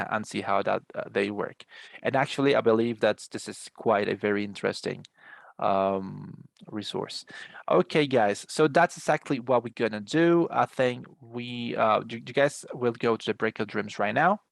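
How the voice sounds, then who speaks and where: A man with a gravelly, creaky voice walks his students through an English lesson on a video call. His speech is dry and close, with no room sound. He explains patiently, restarting sentences and filling pauses as he goes. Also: fairly low pitch, no echo. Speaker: English teacher. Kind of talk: online class instructions.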